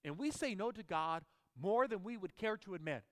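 A man's voice: high voice, lively intonation, moderate pace, fairly bright tone. Emphatic pastor, man, echoing sanctuary. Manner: emphatic, asks the congregation questions. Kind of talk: sermon.

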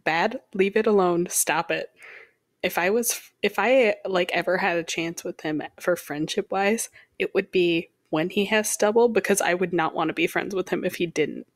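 A young woman with a slightly low voice co-hosts a casual podcast chat. She rambles and jokes, interrupting herself as she goes. The sound is dry and close, with no room around it. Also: normal speed, dry recording. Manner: rambling, jokey, self-interrupting. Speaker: podcast co-host.

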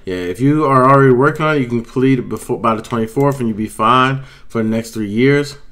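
A man's voice: mid-range voice, fast talker, a bit bright. Casual man explaining IT certifications. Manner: conversational, with frequent fillers and self-corrections. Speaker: IT certification instructor.

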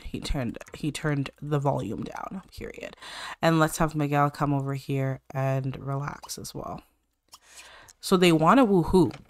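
A young woman chatting excitedly through a life-simulation game, talking to her viewers in a slangy, casual way. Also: sits low, slight background noise. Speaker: let's play creator. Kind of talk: casual gameplay commentary.

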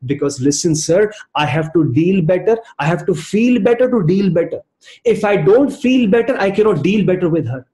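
A man giving a lively motivational training talk over a video call, telling stories and calling on participants by name. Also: high-pitched, normal speed, roomy sound. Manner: animated storytelling, addresses participants by name. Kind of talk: virtual training session talk.

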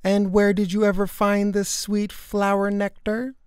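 A woman reading aloud and voicing an excitable, bossy little girl who plays at being a princess. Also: mid-range voice, measured pace, smooth, dry recording, pitched above the performer's own voice, close to an everyday voice. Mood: sweet, fussy. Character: playful imaginative little girl pretending to be a princess.

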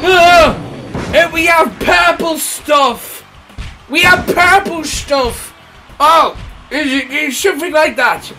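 A high, bright-voiced British man who bursts into shouts while calling a pretend wrestling brawl. His play-by-play is slow and drawn out, swinging between excited yells and quiet mumbles. Music plays behind him. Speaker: comic wrestling commentator. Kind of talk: over-the-top play-by-play commentary.

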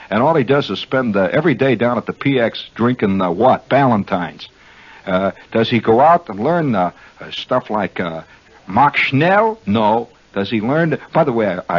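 A man's voice: on the low side, slightly rough. A man hosting a radio show, rambling in a wry, mock-earnest monologue from a studio. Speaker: radio host. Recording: dull lo-fi 1969 radio broadcast.

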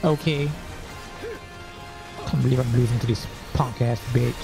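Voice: mid-range voice, fairly even intonation, unhurried, vocal fry. A gaming channel host giving let's-play commentary, frustrated and cursing heavily at the game. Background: game music.

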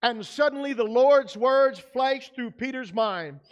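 A man's voice: extremely high pitch, unhurried, clean tone, muffled recording. A man preaching a sermon as pastor in a church, conversational with frequent fillers. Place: church sanctuary.

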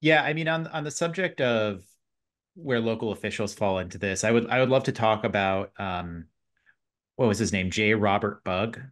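A man with a slightly low voice co-hosts an interview podcast. He builds long, winding questions, often restarting phrases as he thinks. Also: normal speed, a bit bright. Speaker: podcast co-host.

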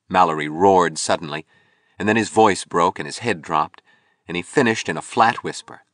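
Male audiobook narrator, low voice, even delivery, dry close mic. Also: moderate pace, dry recording. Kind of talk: scripted narration.

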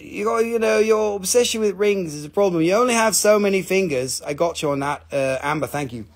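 A man's voice: on the high side, lively intonation, a little fast, hardly any pauses. A man hosting a live stream, selling crystals and stones in a casual, joking, chatty way, sometimes swearing. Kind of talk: casual live sales chat.

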